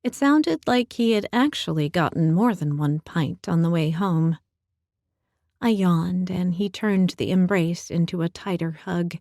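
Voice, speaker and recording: A woman narrating a first-person audiobook with a calm, intimate delivery. She takes her time over every phrase, her voice sitting a little low and mellow. The sound is dry and close, with no room around it. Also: unhurried, no echo.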